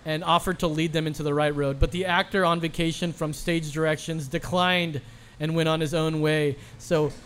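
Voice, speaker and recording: High-voiced man hosting a quiz. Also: steady tone, normal speed, a bit bright, clean tone. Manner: playful, teasing, game-show announcing. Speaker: quiz host. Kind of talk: casual podcast quiz banter.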